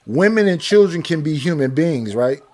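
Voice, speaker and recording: A man's voice: a little high, lively intonation, moderate pace, a little mellow. A man, telling stories and arguing his point in a casual panel debate. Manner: storytelling, quotes others in put-on voices.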